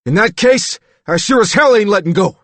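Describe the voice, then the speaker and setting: Man doing a gruff, stubborn attendant. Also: sits high, expressive, moderate pace, a bit bright, dry recording, pitched above the performer's own voice. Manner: rough and plain-spoken.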